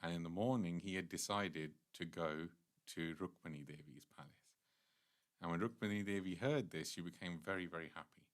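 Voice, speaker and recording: A man with a deep, low voice leads a devotional class. He earnestly retells scripture stories at length in the unhurried way of a temple teacher.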